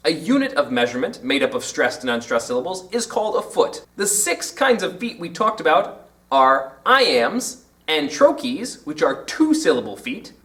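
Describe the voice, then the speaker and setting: A man hosting a literature lesson to camera, explaining in an animated way and tapping out rhythms aloud. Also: a little high, normal speed, far from the mic. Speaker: teacher and channel host.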